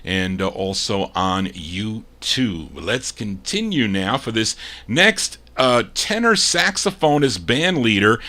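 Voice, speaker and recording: A man's voice: lowish voice, very animated, takes it slowly, bright, forceful tone. A man hosting an oldies record show, chatting casually about each record, reading label details aloud and stumbling now and then as he corrects himself. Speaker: radio show host. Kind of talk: casual record-spinning DJ patter.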